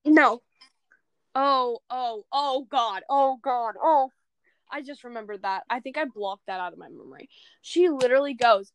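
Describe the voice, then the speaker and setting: A young woman in casual chat, telling stories in an animated way and acting out quoted lines. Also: a little high, normal speed, clean tone, dry recording. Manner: animated storytelling, acts out quotes.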